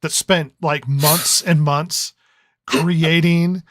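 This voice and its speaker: Man, podcast co-host, raised pitch, rambling with stammered restarts, dry close sound. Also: fairly even intonation, very slow, a bit bright, no echo. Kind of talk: casual review chat.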